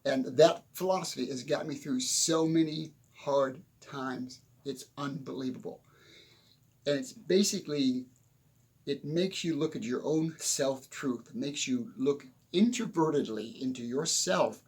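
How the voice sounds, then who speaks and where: Older guy, gravelly and a bit raspy, rambling pep talk from his hot little room, chuckling at himself. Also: medium pitch, unhurried, darkish tone. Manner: rambling, chuckling, self-deprecating asides. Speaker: motivational speaker. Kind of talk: casual motivational monologue. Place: small home room, windows shut.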